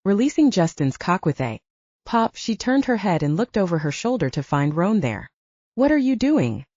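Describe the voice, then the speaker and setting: Female audiobook narrator, low and mellow, animated; dull, dry recording. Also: moderate pace, dry recording. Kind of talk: scripted narration.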